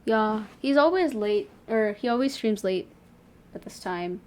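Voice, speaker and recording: A woman's voice: fairly high pitch, expressive, a little slow. A young woman streamer chatting casually and playfully with a friend, filling her talk with "like". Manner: chatty, lots of fillers, playful. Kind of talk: casual chat on a livestream.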